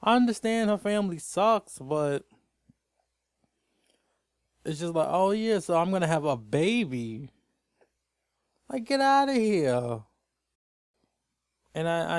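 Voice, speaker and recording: A man hosting a casual TV recap, ranting in an exasperated, rambling way. His voice sits a little high and comes across smooth and clear. The room is dry and close, with no echo. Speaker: TV recap host.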